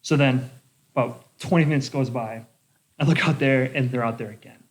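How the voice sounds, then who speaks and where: Young male bartender, mid-pitch, casual storyteller, profane and animated. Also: moderate pace. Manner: animated, swears a lot, lots of "like". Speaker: bartender podcast host.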